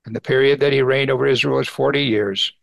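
Speaking quickly in a steady, gravelly mid-range voice, a pastor teaches through a Bible passage one verse at a time. He reads the scripture, then adds warm, exclamatory thoughts, and there is no echo.

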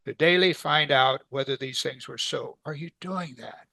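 A man's voice: mid-range voice, moderate pace, gravelly, sharp tone, dry recording. Guy teaching a bible class, talks casual and keeps asking the group questions, dry close sound. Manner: conversational, asks the class rhetorical questions. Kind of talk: weekly Bible study teaching.

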